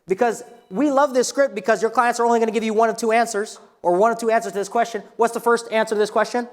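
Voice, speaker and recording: A man teaching a live real estate workshop in an energetic, coaching way, asking the room questions. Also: very high-pitched, quick pace, few pauses. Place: training room with a live audience. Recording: long reverb of a hall.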